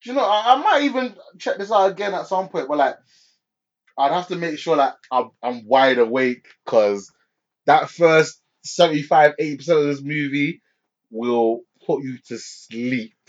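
A man's voice: fairly high pitch, lively intonation, moderate pace. A man co-hosting a casual film chat, hesitant and often restarting his sentences. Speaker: podcast co-host. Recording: dull lo-fi sound.

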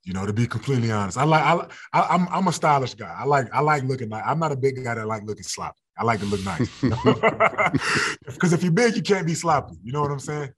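A man's voice: medium pitch, expressive, a little fast, a bit bright, breathy edge. A young adult man, a football player, talking casually in an interview, laid-back and often laughing.

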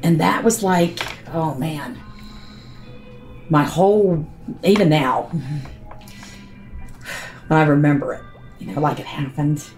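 Her voice sits low and a little mellow, and she takes her time with long pauses while faint music plays behind her. The woman is an interviewee giving an emotional first-person account of a family tragedy, blunt and repetitive under the strain.

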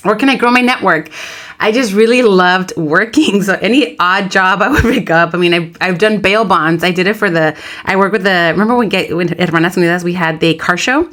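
Animated woman telling a story. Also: lowish voice, brisk. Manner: animated storyteller, acts out quoted voices. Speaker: podcast co-host. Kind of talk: casual chat.

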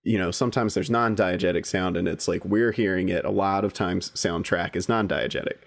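A man's voice: deep voice, fairly quick, creaky. A man co-hosting a casual film discussion, explaining things in an easygoing way with many fillers. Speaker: podcast co-host.

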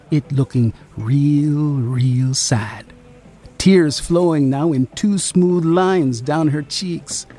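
A narrator reading a literary story in a slow, rhythmic, lingering way. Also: medium pitch, warm tone.

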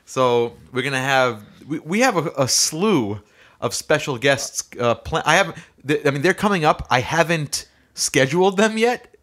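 A man's voice: on the high side, lively intonation, normal speed, a bit bright. A man co-hosting a podcast, chatting loosely with lots of fillers and restarts. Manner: rambling, frequent fillers and restarts. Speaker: podcast co-host and musician. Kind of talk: casual podcast chat.

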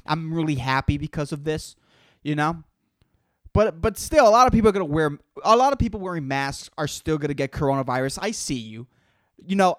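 A solo podcast host in full comedic rant mode, swearing freely and tripping over repeated words as the thoughts tumble out. The voice swings widely up and down in pitch. It sounds dry and close, with no room around it. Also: dry recording. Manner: profane, rambling, repeats words while searching for them; exasperated, calls out to an imagined listener.

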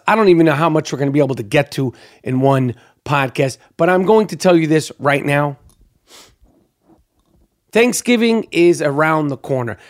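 A man hosting his own podcast in a brash, profane, rambling solo monologue, hyped up and talking freely. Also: a little high. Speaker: podcast host.

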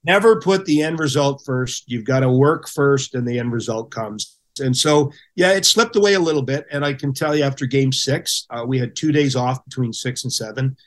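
A middle-aged man telling stories as a podcast guest, with a voice of ordinary pitch. He talks in a casual, animated way and acts out the people he quotes. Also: moderate pace. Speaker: podcast guest, former hockey goaltender. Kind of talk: casual storytelling.

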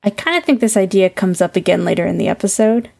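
A woman in casual podcast chat, calmly leading the recap of a TV episode. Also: medium pitch, fast talker, creaky. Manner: relaxed, affectionate, leads the recap.

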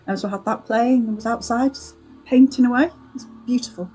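A woman's voice: on the high side, fairly quick, warm tone, faint music behind. A middle-aged woman, co-hosting a podcast in chatty conversation and laughing often. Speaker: podcast co-host. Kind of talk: casual chat.

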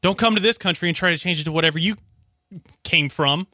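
A man's voice: a little high, quick pace, sharp tone, no room sound, studio quality. A man joining a sports radio chat, blunt and opinionated in casual banter.

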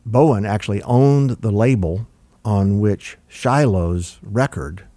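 A man's voice: on the low side, slow pace, dry recording. An older man, a record producer, telling long stories in an interview with many fillers and restarts. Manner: relaxed, rambling with fillers and restarts. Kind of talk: conversational interview storytelling.

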